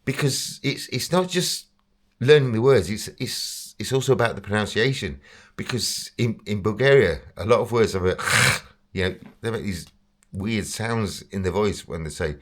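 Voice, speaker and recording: A man's voice: on the low side, lively intonation, normal speed. Chatty Englishman telling a rambling story. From England. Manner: chatty, rambling, self-deprecating, laughs often. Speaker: vlogger. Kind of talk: casual storytelling monologue.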